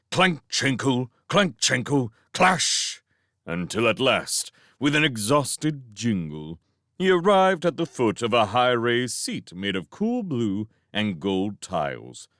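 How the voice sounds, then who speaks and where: A man narrating a novel in a slow, unhurried way, his low voice rising and falling with lively expression. The reading is dry and close with no room sound. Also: no echo. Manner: expressive storytelling. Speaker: reader of a novel. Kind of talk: fan audiobook narration.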